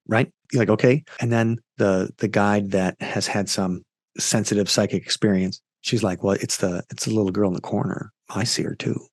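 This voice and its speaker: A man's voice: medium pitch, husky, no echo, studio quality. A man telling a ghost story in an interview, rambling with fillers and quoting the people in it. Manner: rambling, animated retelling with quoted voices and fillers. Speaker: ghost tour company founder, guest.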